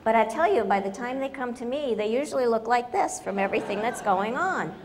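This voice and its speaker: A woman's voice: on the high side, lively intonation, a little fast, in a large hall, background noise. A woman giving a humorous conference talk, wry and direct, telling stories to an audience. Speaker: conference speaker.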